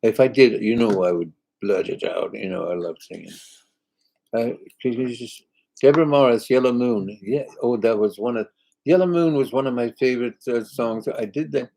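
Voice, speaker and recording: A man's voice: medium pitch, moderate pace, creaky, dark tone, a little hiss or hum, rough recording. Older man rambling with endless "you know". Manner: chuckles often. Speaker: singer hosting a live chat. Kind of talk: casual live chat reading viewer comments.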